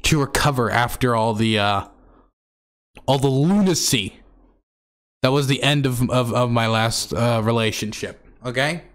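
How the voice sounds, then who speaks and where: A man's voice: medium pitch, a little slow, a bit bright. A man telling a story to his stream audience in a candid, exasperated, rambling way full of fillers.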